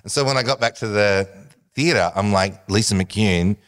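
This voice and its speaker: Aussie guy, low-ish voice, telling a funny story, keeps laughing and doing little voices. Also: normal speed. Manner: animated storyteller, acts out voices, laughs often. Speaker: guest. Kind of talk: casual anecdote telling.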